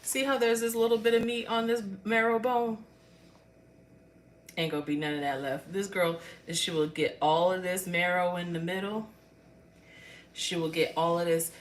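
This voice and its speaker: Older woman, chatty livestream host, lower voice, roomy off-mic phone sound with faint noise behind. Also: little pitch movement, normal speed, far from the mic. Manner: chatty, talks straight to viewers. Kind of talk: casual livestream chat.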